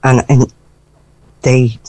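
A woman calling a radio show, speaking in a hesitant, halting way. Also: extremely low pitch, flat delivery, dark tone, no echo, poor audio. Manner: hesitant, halting, stop-start. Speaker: radio caller. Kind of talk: casual phone-in chat.

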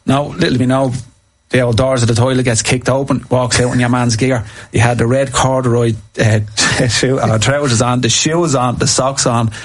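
A man, a former footballer telling animated stories in casual chat and acting out what people said. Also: medium pitch, normal speed. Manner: animated anecdotes, acts out quotes. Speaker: former footballer, podcast guest.

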